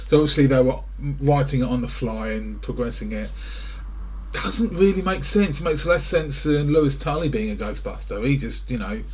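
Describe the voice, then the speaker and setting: A man's voice: medium pitch, animated, normal speed, a little mellow, a little hiss or hum. A British man rambling through a casual reaction to film trailers, full of wry asides, recorded indoors in front of a greenscreen.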